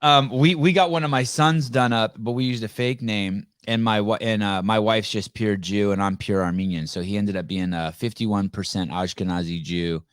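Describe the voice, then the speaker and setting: A man's voice: fairly low pitch, fairly even intonation, moderate pace, hardly any pauses, clean tone, no echo, studio quality. A man hosting a live podcast over a video call, talking bluntly and joking with a lot of profanity. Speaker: podcast host.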